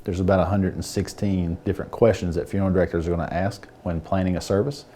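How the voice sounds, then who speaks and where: Deep, mellow funeral director. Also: male voice, level tone, fast. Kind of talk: news interview.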